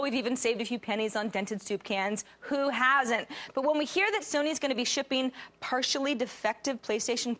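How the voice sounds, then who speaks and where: Woman host, wry tech-news read, slightly higher voice. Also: fairly bright tone. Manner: sarcastic, joking asides.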